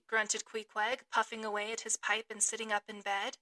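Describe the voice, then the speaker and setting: A woman reading a classic novel aloud as a podcast host, with expressive, dramatic phrasing. Her voice is high and bright with a crisp edge. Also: normal speed, few pauses.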